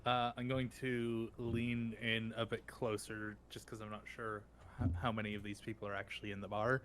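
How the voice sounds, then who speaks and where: A man playing in a tabletop game, describing his actions in a measured, deliberate way. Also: on the low side, little pitch movement, fairly bright tone, slight background noise. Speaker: player.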